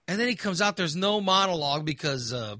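A man's voice: high-pitched, animated, fairly quick, bright, forceful tone, no room sound, studio quality. A man ranting casually, exasperated and sarcastic, sounding fired up. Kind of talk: casual opinion rant.

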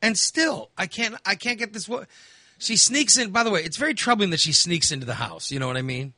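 A man's voice: sits high, expressive, fairly quick, bright, forceful tone, no room sound. A man hosting a podcast, telling stories in casual chat with laughs and voiced asides. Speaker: podcast host.

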